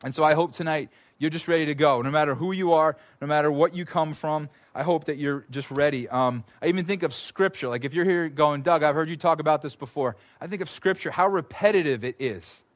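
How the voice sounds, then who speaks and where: A male pastor preaching a conversational, animated sermon, often repeating words as he goes. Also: on the high side, a little fast, hardly any pauses.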